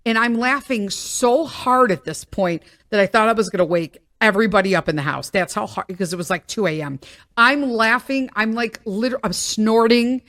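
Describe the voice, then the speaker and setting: A woman's voice: on the high side, normal speed, no room sound. Chatty woman podcaster, dry sound. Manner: rambling, animated, prone to tangents. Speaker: podcast host. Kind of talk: casual storytelling monologue.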